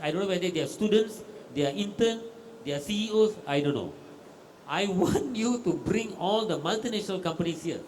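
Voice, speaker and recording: A man's voice: sits high, a little hiss or hum, poor audio. A Malaysian man in his fifties, a government agency official, giving an off-the-cuff keynote and often asking the audience if he is right. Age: 50s. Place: exhibition hall.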